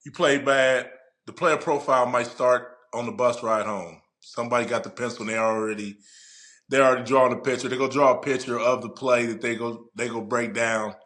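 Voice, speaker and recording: A man in his forties, a podcast guest and former player and coach, telling stories in a loud, profane, emphatic way. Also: medium pitch, moderate pace. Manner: animated, profane, emphatic storyteller. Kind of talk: casual podcast chat.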